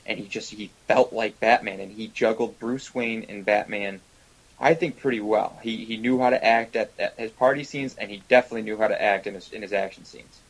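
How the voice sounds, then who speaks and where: Man, deeper voice, earnest opinions, casual chat, video call. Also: steady tone, brisk, slightly rough, rough recording. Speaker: guest.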